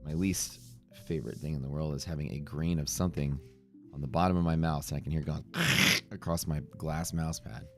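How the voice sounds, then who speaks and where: A man's voice: extremely low pitch, steady tone, fairly quick, a bit bright, faint music behind. A man hosting a casual livestream from his home streaming room, greeting viewers by name and joking as he rambles. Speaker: livestream trading host.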